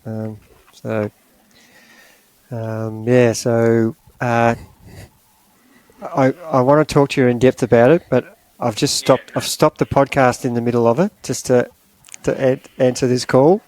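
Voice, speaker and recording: A middle-aged man, a coach and podcast host, talking in a halting, emotional way with many pauses and fillers. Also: mid-range voice, fairly even intonation, a little mellow. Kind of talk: podcast conversation.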